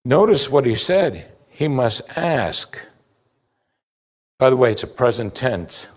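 A man preaching a sermon as pastor, animated, acting out the voices he quotes. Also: medium pitch, takes it slowly. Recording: hall reverb.

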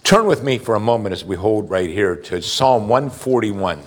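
A man's voice: on the low side, sing-song, moderate pace. A middle-aged pastor preaching a sermon, reading scripture aloud and putting pointed questions to his listeners. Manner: asks the congregation pointed questions; reads scripture aloud between remarks.

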